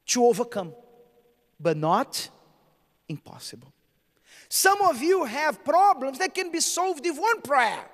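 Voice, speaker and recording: A man preaching a sermon as a bishop, asking the congregation questions and answering them himself. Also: extremely high pitch. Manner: preaching with call-and-response questions. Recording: church hall reverb.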